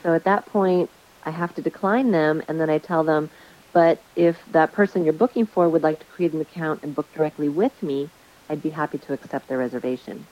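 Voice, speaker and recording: Woman, casual chat, lowish voice, animated storyteller who acts out quotes, dull lo-fi sound. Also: brisk. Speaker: Airbnb host sharing stories.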